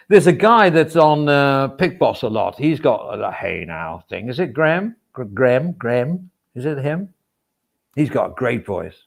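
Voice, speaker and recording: A middle-aged man talks loosely to his livestream viewers, his voice rough with a steady gravelly fry. He rambles from one aside to the next, often filling gaps with small words. He pokes fun at himself in an easy, chatty way. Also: mid-range voice, normal speed. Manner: rambling and self-deprecating; chatty, with frequent fillers and asides. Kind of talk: casual livestream chat.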